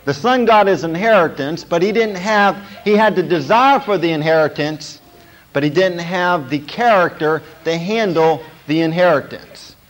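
A man preaching a sermon as a pastor, pausing to check in with "okay?" and building to emphatic points. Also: fairly high pitch, poor audio. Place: small church.

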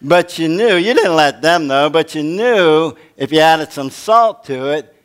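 An older man preaching a sermon as pastor, folksy and humorous, asking the congregation questions. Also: on the high side.

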